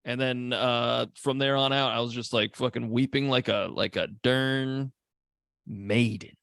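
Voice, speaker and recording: A man co-hosting a casual movie podcast, animated and profane, acting out characters' lines as he talks. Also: medium pitch, a little slow, creaky, clear, resonant tone, no echo, studio quality. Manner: animated, swears a lot, acts out characters' lines. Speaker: podcast co-host.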